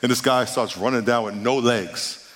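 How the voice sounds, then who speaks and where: A man's voice: mid-range voice, moderate pace, fairly bright tone. A man preaching a sermon as pastor, talking emphatically and straight to his congregation. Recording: church hall with long reverb.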